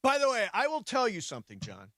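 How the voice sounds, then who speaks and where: A man's voice: very high-pitched, wildly swooping pitch, fast, a bit bright, no room sound, studio quality. A man co-hosting a sports radio show, chatting casually and laughing easily.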